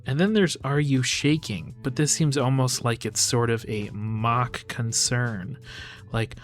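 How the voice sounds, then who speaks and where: A man's voice: medium pitch, a little slow, faint music behind. A man giving a close-reading commentary on song lyrics, thoughtful and hedging, often saying "sort of" and "you know.". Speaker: host of a lyric analysis channel.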